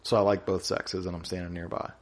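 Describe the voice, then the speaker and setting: A man's voice: low-pitched, little pitch movement, fast talker. A man co-hosting a casual podcast chat, joking crudely and riffing. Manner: crude, joking, riffs into loud put-on voices. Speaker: podcast co-host.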